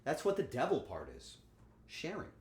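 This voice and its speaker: Animated crude-joking male streamer. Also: on the high side, normal speed. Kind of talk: casual livestream chat while cooking. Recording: echoey room with faint ambience.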